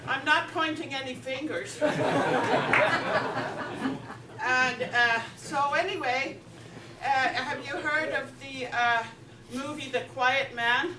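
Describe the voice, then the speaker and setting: With an Irish accent and a high, steady voice, a woman works through her stand-up set at a measured pace, tossing chatty remarks to the audience. Heavy background noise fills the clip, picked up from far away in the roomy hall of a veterans home.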